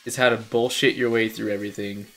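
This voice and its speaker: A man's voice: fairly low pitch, little pitch movement, fast, a bit bright, faint music behind. A young man streaming, chatting casually and rambling, joking and acting out bits of dialogue. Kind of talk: casual chat.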